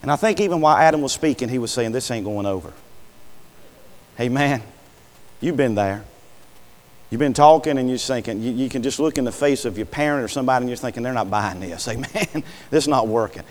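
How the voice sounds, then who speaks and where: A man's voice: mid-range voice, fast. A man preaching a sermon in a folksy way, calling out "Amen" and throwing rhetorical questions at the congregation. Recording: long hall reverb.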